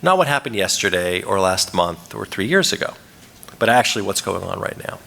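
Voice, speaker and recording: A man lecturing a live audience into a microphone in a conference hall, and his voice carries a long reverb. His tone is bright and forceful, with pitch that swings widely as he poses questions and acts out quoted lines. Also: very animated, a little fast, vocal fry, a little hiss or hum. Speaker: conference speaker.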